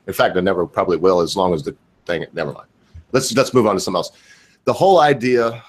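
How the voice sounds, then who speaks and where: A man with a Southern American accent hosting a casual livestream, rambling and restarting as he rants heatedly. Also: on the low side. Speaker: stream host.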